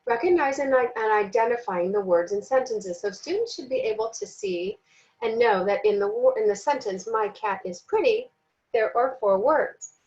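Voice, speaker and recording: Lady teacher doing a training video, kinda high voice, slow careful syllables, bit muffled audio. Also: lively intonation, darkish tone. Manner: slow, deliberate, sounds out syllables. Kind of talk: recorded training lesson.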